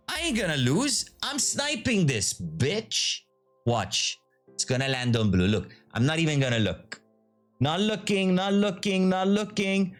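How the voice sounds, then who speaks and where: A man hosting his own video, giving casual live commentary to his viewers in an excitable, profane, teasing way. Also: fairly high pitch, unhurried, soft background music. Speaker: video host.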